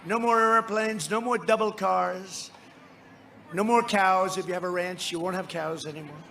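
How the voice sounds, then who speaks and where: Bright and forceful, the man's voice sits high with fairly even intonation and a normal speed, and there's slight background noise. He is a political speaker addressing a large outdoor rally, rambling and boasting through his campaign speech while bantering with the crowd from the stage.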